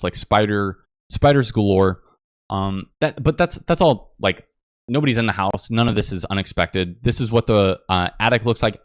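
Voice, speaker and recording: A man's voice: on the low side, no echo, studio quality. A man telling a long casual story as podcast host, rambling with many fillers and acted-out quotes. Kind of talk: casual storytelling over photos.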